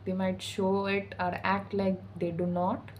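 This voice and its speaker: A woman's voice: medium pitch, completely flat delivery, a little slow, slight background noise, poor audio. A woman channeling intuitive spiritual messages in a casual vlog, slangy, sassy and full of swearing. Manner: slangy, profane and sassy, with frequent "okay?".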